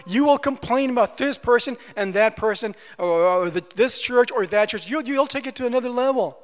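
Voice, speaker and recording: A man's voice: very high voice, brisk, hardly any pauses. A man preaching a conversational sermon as pastor, emphatic and repeating phrases for stress. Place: church. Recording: long church-hall reverb.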